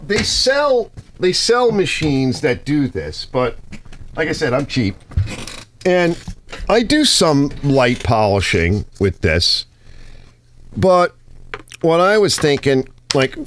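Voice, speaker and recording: A man's voice: mid-range voice, fairly bright tone, slight background noise. A man hosting a garage channel, explaining cleaning chemicals and tools in blunt, casual shop talk with some swearing. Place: home garage workbench. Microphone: close mic he sometimes bumps.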